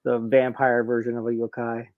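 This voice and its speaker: A man playing a casual online trivia game, eager and quick when excited. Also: mid-range voice, dry recording, narrow, tinny audio. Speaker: trivia contestant.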